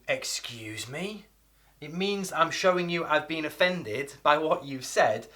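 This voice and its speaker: Lively, bright-voiced British man teaching English. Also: on the high side. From Britain. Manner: lively, acts out examples with changing intonation. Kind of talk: energetic video lesson.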